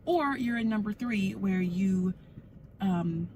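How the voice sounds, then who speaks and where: A young woman in her twenties, fresh out of college, talks straight to her phone from a parked car. She is candid and excitable, dropping casual swears. A loud A C hum runs under her voice. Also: mid-range voice, slow pace. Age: 20s. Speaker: vlogger. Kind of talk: casual vlog chat. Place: parked car with the air conditioning running.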